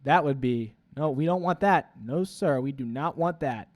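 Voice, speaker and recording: A man's voice: fairly high pitch, moderate pace. A young man in his twenties, rambling through a profane, confessional vlog monologue full of "like" fillers. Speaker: vlogger.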